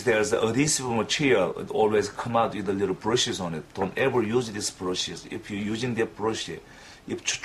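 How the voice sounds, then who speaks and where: A man giving a clinical demonstration lesson, talking in a halting way with frequent fillers and restarts. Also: lowish voice, slight background noise. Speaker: dental instructor.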